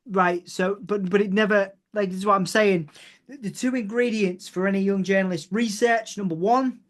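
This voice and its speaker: A man who works as a music journalist, a guest in a casual interview chat, talking in a rambling, meandering and excitable way. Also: high-pitched.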